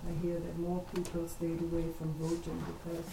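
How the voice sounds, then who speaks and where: A woman's voice: fairly low pitch, completely flat delivery, moderate pace, vocal fry, echoey room, background noise. A woman from a home congregation adding an earnest, emphatic comment to a sermon. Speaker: congregation member.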